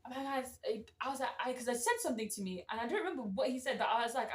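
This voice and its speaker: A young woman, chatting casually and telling a work story in slangy, lively bits, acting out what people said. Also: a little high, fast talker, recorded from a distance. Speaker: vlogger. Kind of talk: casual chat. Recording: roomy echo, a bit off-mic.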